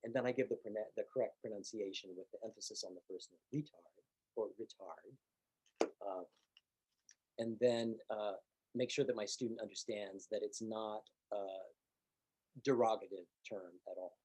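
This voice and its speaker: A man teaching piano, explaining calmly and patiently, step by step. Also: fairly low pitch, normal speed, slightly rough, poor audio. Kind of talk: instructional demonstration.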